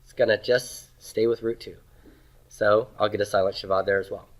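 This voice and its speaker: A man's voice: lowish voice, fairly even intonation, normal speed, rough recording. A man lecturing a class, drilling pronunciation and asking questions. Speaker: teacher.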